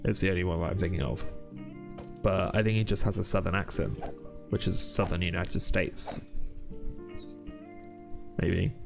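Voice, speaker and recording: Deep and creaky, this young British streamer's voice moves at normal speed with frequent pauses over background music. He rambles chattily through a game stream, reading chat out loud and filling gaps with ums.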